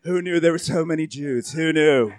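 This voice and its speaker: Comic's offhand bragging male president, high and crisp, not a big put-on. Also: moderate pace, close to an everyday voice. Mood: mock-puzzled.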